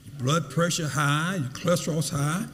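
A man preaching a sermon, repeating phrases and building to loud emphasis. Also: on the high side, normal speed, long reverb tail. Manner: preaching with repetition and rising emphasis.

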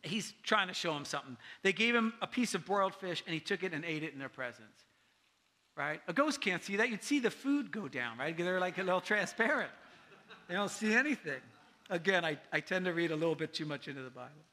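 A man's voice: high-pitched, sing-song, fairly quick, sharp tone. A man pastor giving a casual, conversational sermon, often asking his listeners "right?" and acting out the people he quotes.

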